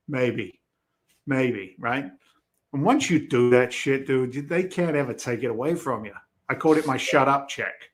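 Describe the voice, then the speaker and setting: A middle-aged real estate investor with a Boston accent, appearing as a podcast guest, tells stories energetically in conversation. His mid-range voice moves at normal speed, and he acts out quoted lines and swears casually.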